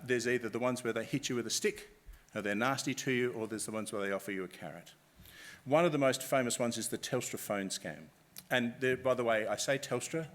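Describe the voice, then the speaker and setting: Brief: presenter, mid-pitched, engaging and conversational in front of an audience. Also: male voice. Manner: lively, chatty, asks the audience questions. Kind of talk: live public talk. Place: conference room with live audience.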